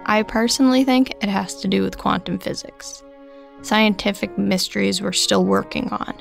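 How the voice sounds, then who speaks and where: A young woman narrating a scripted first-person story in a slow, reflective way. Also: medium pitch, creaky, soft background music.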